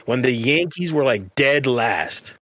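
A man's voice: medium pitch, animated, measured pace, a bit bright, no room sound. Male podcast co-host, rambling slangy storyteller, dry close mic. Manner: rambling, slangy, many restarts. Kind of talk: casual chat.

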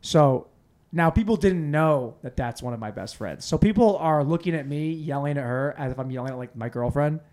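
A man's voice: fairly high pitch, lively intonation, normal speed, darkish tone. A man hosting a podcast, telling a boozy night-out story in casual, profane chat, acting out quotes. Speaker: podcast host.

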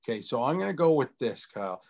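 A man co-hosting a podcast, teasing his co-host in casual banter and talking fast in bursts. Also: medium pitch, very animated, vocal fry, darkish tone, breathy edge. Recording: dull lo-fi sound.

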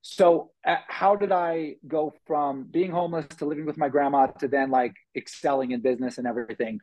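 A man telling his life story as a guest on an interview podcast, animated, acting out quotes with lots of fillers. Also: a little high, a little fast, few pauses, poor audio.

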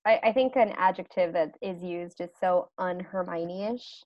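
A woman's voice: fairly low pitch, normal speed, lo-fi sound, a little hiss or hum. A woman co-host chatting casually, giggly and teasing in her reactions. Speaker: podcast co-host. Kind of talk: casual chat.

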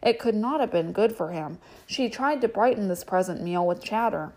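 A woman's voice: mid-range voice, animated, moderate pace, few pauses, a little mellow. Woman reading a novel aloud. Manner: chatty, filler-heavy asides. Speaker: reader. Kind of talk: audiobook reading with casual asides.

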